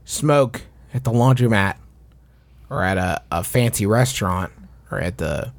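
A man co-hosting a casual history podcast who makes wry, joking asides in a gravelly, husky voice. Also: lowish voice, animated, unhurried, dry recording. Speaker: co-host.

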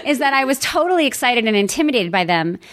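A woman's voice: a little high, sing-song, fast, very noisy. A woman comedian guest, joking about herself in a dry, self-deprecating way. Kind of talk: casual chat.

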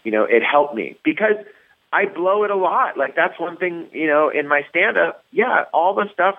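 A man's voice: fairly high pitch, expressive, moderate pace, vocal fry. A man, a comedian and guest, telling stories in a casual interview with many restarts. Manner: rambling storyteller with many restarts. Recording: tinny phone-line sound.

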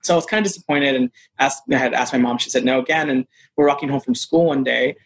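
A man, an actor being interviewed, telling a personal story in a lively, casual way. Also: mid-range voice, quick pace, poor audio. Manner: animated, acts out quoted voices. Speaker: actor guest.

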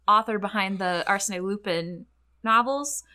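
A woman's voice: medium pitch, measured pace, sharp tone. A woman co-hosting a podcast in casual chat, laughing often and swearing freely. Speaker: podcast co-host.

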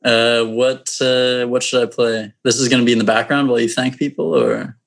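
Gravelly-voiced man calling in. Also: medium pitch, level tone, normal speed, over loud music. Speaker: caller and musician. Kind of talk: casual chat over video call. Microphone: video call.

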